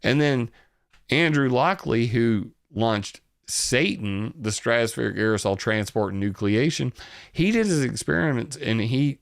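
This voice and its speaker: A man's voice: mid-range voice, gravelly, dry recording, studio quality. A man with a Southern US accent, hosting his own channel and giving rambling, sarcastic commentary, swearing freely. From Southern United States. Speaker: channel host. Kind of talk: casual commentary on news.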